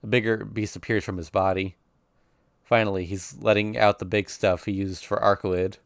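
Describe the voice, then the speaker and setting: Low-voiced man reading a story dramatically. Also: little pitch movement, normal speed, creaky, dry recording, studio quality. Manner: intense, emotional first-person narration. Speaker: streamer reading a visual novel. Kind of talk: dramatic reading aloud of a visual novel.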